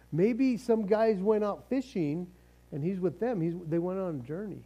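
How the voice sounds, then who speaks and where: A male pastor delivering a sermon with a high, mellow voice. He talks in a loose, joking, conversational way, full of asides and restarts. His tone is relaxed rather than bright. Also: moderate pace, muffled recording. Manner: casual, joking preacher, conversational asides and repeated starts.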